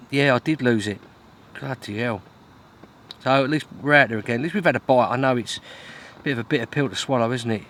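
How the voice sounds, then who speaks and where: A man's voice: mid-range voice, quick pace, a bit bright. A man talking to camera while fishing outdoors, chatty and self-mocking, with grumbling asides. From Britain. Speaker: fishing vlogger. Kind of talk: casual vlog to camera. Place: outdoors at a lake in wind and rain.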